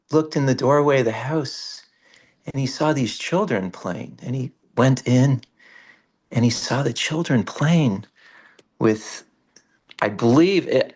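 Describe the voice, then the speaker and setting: A man leading a morning scripture class, retelling a devotional story and acting out the speakers in a raised voice. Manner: animated retelling, rising high for quoted characters.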